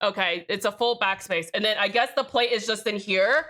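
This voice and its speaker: Bright-voiced woman streamer, profane and chatty. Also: medium pitch, fairly quick. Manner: profane, joking, reads out chat names; rambling with trailing restarts. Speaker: live streamer. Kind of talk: casual livestream chat.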